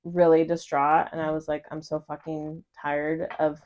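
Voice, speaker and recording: Thirties woman co-host, chatty, lively storyteller who plays out every quote. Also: normal speed. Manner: animated storyteller, acts out quotes with big pitch jumps. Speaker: podcast co-host. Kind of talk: casual chat.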